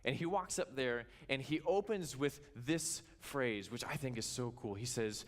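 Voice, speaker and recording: Man preaching a lively story sermon. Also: medium pitch, normal speed, hardly any pauses. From Kansas. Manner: animated storytelling, acting out the characters. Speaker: pastor. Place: church.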